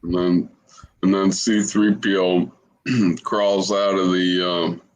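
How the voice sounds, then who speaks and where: A man's voice: low voice, flat delivery, slow, low-quality recording. A man co-hosting a podcast in casual chat, talking hesitantly with many fillers. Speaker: podcast co-host.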